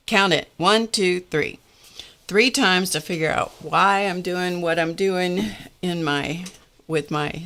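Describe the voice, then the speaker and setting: A woman with a lowish, somewhat bright voice hosts a live art session. She crafts as she talks, chatting casually and rambling in a self-deprecating way.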